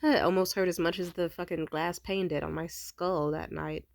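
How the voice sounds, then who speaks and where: A young woman with a fairly low voice tells a personal story in a loose, rambling way. She is blunt and swears a lot. The sound is close and dry, with no room echo. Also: steady tone, moderate pace, gravelly, a little mellow. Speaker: vlogger. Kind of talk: casual storytime monologue.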